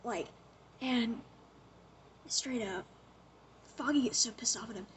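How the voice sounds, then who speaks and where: A young woman talks casually, gossiping through a TV show's plot. Her voice sits a little above the usual woman's pitch. She tells the story with animated energy and fills it with "like" and quick quoted lines. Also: slight background noise. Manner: chatty, animated retelling full of "like" and acted-out quotes. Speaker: show recapper. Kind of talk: casual chat recapping a TV show.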